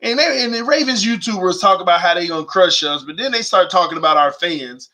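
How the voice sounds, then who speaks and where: A young man hosting a casual live sports-talk stream, slangy and animated, reading the chat aloud and urging viewers to hit like. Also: sits high, quick pace.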